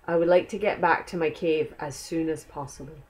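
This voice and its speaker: A woman's voice: sits low, fairly quick, natural voice. A woman voicing a polite, tired old man in a children's story, with a put-on Scottish accent.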